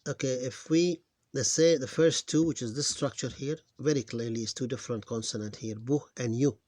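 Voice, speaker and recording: A man teaching reading, slowly sounding out syllables one at a time, recorded on a close mic. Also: mid-range voice, a little mellow, no echo. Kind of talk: screen-recorded phonics lesson.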